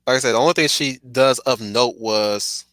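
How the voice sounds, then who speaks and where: Guy rambling on stream about movies, keeps stuttering n restarting, bright voice, dry close sound. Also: mid-range voice, normal speed, no room sound. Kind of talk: casual rambling film commentary.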